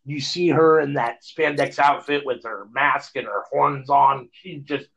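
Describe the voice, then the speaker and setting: A man co-hosts a podcast over the phone in a casual, rambling chat, often restarting and using fillers. His voice is medium-pitched, creaky and a bit bright, a little slow with fairly even intonation, captured on dull lo-fi phone audio.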